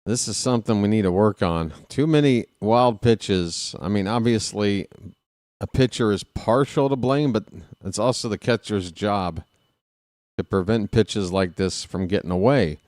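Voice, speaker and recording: A man streaming casual live baseball play-by-play, chatting with viewers and reading out their names between pitches. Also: unhurried, a little mellow, no room sound, studio quality. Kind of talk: live play-by-play with chat shout-outs.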